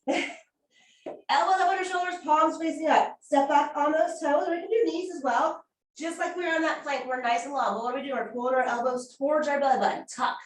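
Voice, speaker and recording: A woman fitness instructor leading a core workout class with upbeat, encouraging, chatty cues. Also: sits high. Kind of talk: guided workout class cueing. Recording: echoey room from far off mic.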